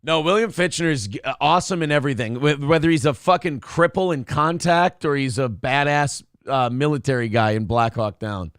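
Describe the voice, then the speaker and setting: A man's voice: fairly high pitch, a little fast, few pauses, a bit bright, clean tone, no echo, studio quality. A man co-hosting a casual talk show, joking and swearing freely as he riffs on movies. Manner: profane, jokey, laughs often. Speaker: co-host. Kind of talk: casual chat.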